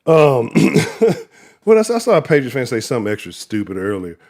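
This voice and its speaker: A man hosting a casual sports livestream with a mid-range voice. He rants in a profane, animated way and loads his commentary with trash talk. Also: medium pitch, moderate pace. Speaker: sports show host.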